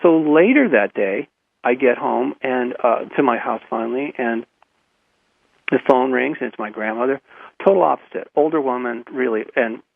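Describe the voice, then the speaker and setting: A man tells a long personal story in a gravelly, somewhat husky voice, restarting often and acting out what others said. The sound is dry and tinny, like a phone-line radio feed. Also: mid-range voice, moderate pace, no room sound. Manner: animated, lots of restarts and quoted dialogue. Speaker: guest. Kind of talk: storytelling in a conversation.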